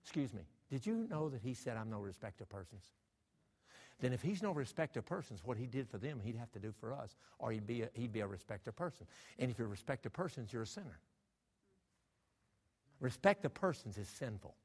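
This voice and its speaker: A man's voice: medium pitch, expressive, fast, a little mellow, breathy edge. A man preaching a sermon, emphatic and full of rhetorical questions to his congregation. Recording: long hall reverb.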